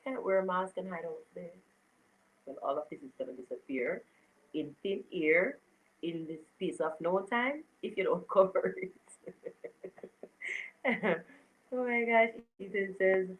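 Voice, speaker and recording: On a low-quality recording, a woman with a lowish voice hosts a casual live stream, unhurried and pausing often. She reads viewer comments aloud, greets people by name, and laughs a lot.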